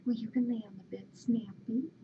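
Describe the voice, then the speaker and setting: A woman at home talking to her pet in soft, often whispered baby talk. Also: on the high side, fairly even intonation, a little fast. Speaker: pet owner. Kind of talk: cooing talk to pets. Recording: dull lo-fi home video with noise.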